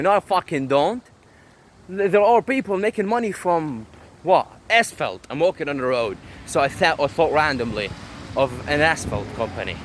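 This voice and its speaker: A man records himself on a phone while walking along a street, ranting in a brash, profane, boastful way. His voice sits slightly high and swings widely in pitch. Faint traffic noise hums in the background. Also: animated, moderate pace, rough recording. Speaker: vlogger. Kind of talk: walking vlog rant.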